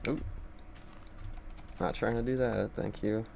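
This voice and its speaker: A man's voice: lowish voice, steady tone, slow pace, vocal fry, darkish tone, a little hiss or hum. A young man live-streaming a game at his computer, rambling and joking at his own expense. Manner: rambling, joking and self-deprecating. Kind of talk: casual gameplay live-stream commentary.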